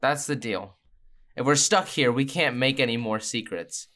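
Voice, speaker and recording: A man voicing a desperate young character shouting offers of a deal to escape. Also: mid-range voice, moderate pace, natural voice. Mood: bargaining. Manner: urgent, pleading. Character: desperate young person bargaining for freedom.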